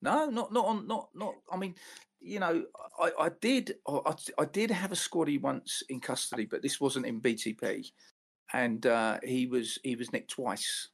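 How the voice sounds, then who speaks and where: A man, a former police officer, chatting casually and haltingly with many restarts. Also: medium pitch, gravelly, slightly rough. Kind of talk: casual chat.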